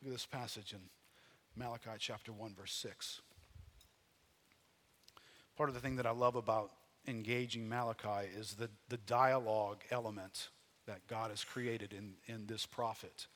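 A man preaching a sermon in a conversational, folksy way, rising loud and dropping low. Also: steady tone, moderate pace, slight background noise. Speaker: pastor.

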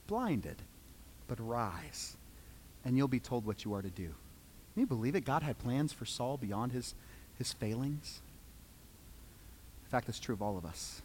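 A man preaching a sermon, dramatic, swinging from loud pleading to hushed quiet. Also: medium pitch, very animated, measured pace, long pauses, a little hiss or hum. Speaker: pastor. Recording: long reverb of a large hall.

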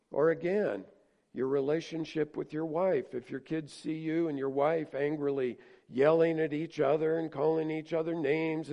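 A male pastor delivers a sermon with earnest conviction, his mid-pitched voice carrying a gravelly edge. He swells into emphatic points, then drops to softer, confiding tones. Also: lo-fi sound. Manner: earnest preaching, rising emphatic and dropping soft.

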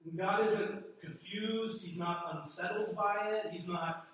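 Brief: male pastor, fairly high bright voice, chatty storytelling sermon, heard from a distance. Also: a little slow, few pauses. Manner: conversational storytelling, chuckles while telling. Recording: echoey room from a distant mic.

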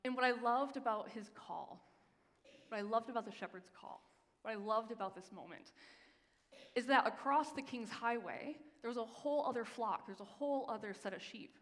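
Woman pastor, sermon, emphatic storyteller, higher voice, long hall reverb. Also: fairly bright tone. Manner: storytelling, emphatic, slows for scripture readings. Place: church sanctuary.

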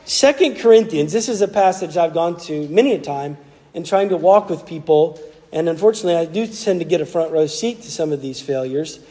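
A Southern American pastor preaches an earnest, conversational sermon in a voice pitched notably high for a man. His expressive, brisk, warm delivery rings with the long reverb of a large church sanctuary.

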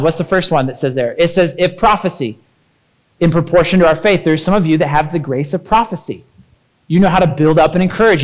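A man in his thirties preaching a sermon in an energetic, conversational way, often checking in with "right?". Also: fairly high pitch, rough recording. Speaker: pastor.

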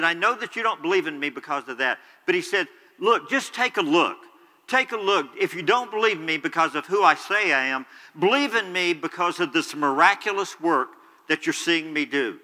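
Earnest male preacher, bright and forceful, fairly high voice, long reverb in a church hall. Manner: earnest, explanatory, retelling scripture in his own words. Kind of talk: sermon.

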